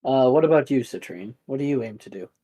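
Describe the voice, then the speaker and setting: A man narrating a tabletop role-playing game as game master, relaxed and full of fillers. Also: mid-range voice, fast talker, breathy edge, low-quality recording.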